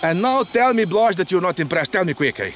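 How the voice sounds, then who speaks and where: An RC pilot and channel host flies a model jet in an open field, giving excited commentary in a high, very animated, a bit bright voice that runs a little fast. He exclaims, repeats words and tags lines with "eh?" There's a little hiss or hum.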